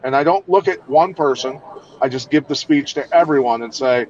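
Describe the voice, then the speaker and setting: A man's voice: mid-range voice, normal speed, darkish tone, slight background noise. A middle-aged man from Iowa, a combat and law enforcement trainer, speaking bluntly and with plenty of swearing in a casual podcast chat. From Iowa, USA. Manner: blunt, profane, emphatic. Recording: dull lo-fi sound.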